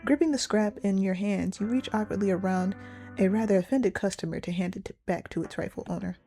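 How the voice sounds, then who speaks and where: A young woman reading a story game aloud and reacting in an animated, giggly, slangy way. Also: medium pitch, a little fast, soft background music. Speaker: gamer playing a story game.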